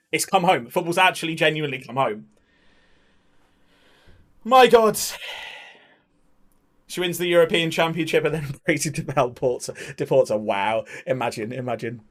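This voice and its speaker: A man hosting a live watch-along stream, chatting excitably to his viewers. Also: on the high side. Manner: excitable, talks to chat.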